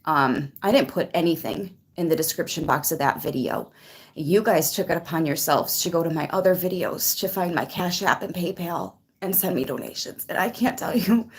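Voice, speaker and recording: A woman hosting a tarot channel, chatting casually on a livestream while near tears, emotional and grateful as she greets viewers by name. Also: fairly low pitch. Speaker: tarot reader and channel host.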